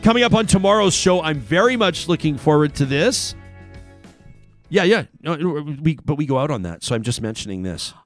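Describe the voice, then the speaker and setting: A male talk show host speaking into a studio mic, his voice sitting a little high for a man. He chats energetically and keeps interrupting himself, while faint music plays underneath. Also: moderate pace. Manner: energetic, chatty, self-interrupting. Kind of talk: casual talk show chat with sponsor reads. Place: broadcast studio. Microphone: studio microphone.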